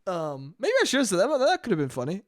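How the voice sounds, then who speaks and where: A man's voice: high voice, wildly swooping pitch, fast talker, no room sound, clean studio sound. A young man hosting his own podcast, talking casually in a rambling, profane monologue and laughing often. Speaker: podcast host.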